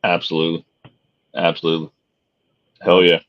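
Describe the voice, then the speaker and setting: Middle-aged male co-host, very low and easygoing, swears freely and jokes, muffled lo-fi audio. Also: monotone, normal speed. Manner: laid-back and profane, jokey. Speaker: podcast co-host. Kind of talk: casual chat. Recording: dull lo-fi sound.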